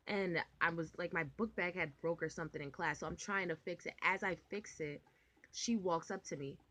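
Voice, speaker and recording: Young woman vlogger, low-pitched, casual storytime delivery, rambly and animated with lots of filler. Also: normal speed. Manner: rambling, animated, full of "like" and swearing.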